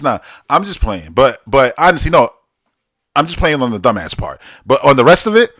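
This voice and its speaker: Man, podcast host, casual joking rant, loud bursts and quiet asides, dry close sound. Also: normal speed, no room sound. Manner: animated, joking, swings between loud outbursts and low asides.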